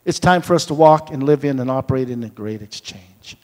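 A man's voice: medium pitch, fairly quick, a little mellow. A man preaching a sermon, telling stories with acted-out dialogue and building to fervent proclamation. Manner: storytelling, acts out dialogue, rises to fervent proclaiming. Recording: long hall reverb.

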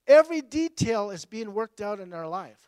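A man pastor delivering a sermon in a fairly high voice. He climbs to emphatic, raised peaks, then drops to low, quiet asides, and often laughs at himself. The sound is dry and close, with no room around it. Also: very animated, moderate pace, no room sound, low-quality recording.

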